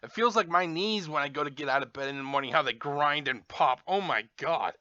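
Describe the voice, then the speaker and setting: A man's voice: fairly high pitch, brisk, bright, forceful tone, no room sound. A man reviewing toys in a profane, angry, sarcastic unboxing rant, recorded at home. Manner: angry, sarcastic, swears constantly. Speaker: toy reviewer. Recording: dull lo-fi dry sound.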